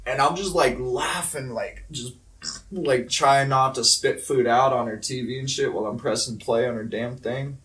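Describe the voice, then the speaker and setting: A man's voice: medium pitch, moderate pace, a bit bright, far from the mic. A man co-hosting a casual talk show, telling stories in a loose, profane way. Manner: loose, profane storytelling with laughter. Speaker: podcast co-host. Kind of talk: casual chat. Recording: roomy sound from off mic.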